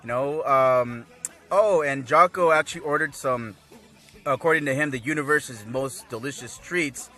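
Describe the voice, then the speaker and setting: A man giving a casual, rambling recap of an anime episode, laughing often and acting out characters' lines in excited voices. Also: medium pitch, normal speed, soft background music. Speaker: anime reviewer.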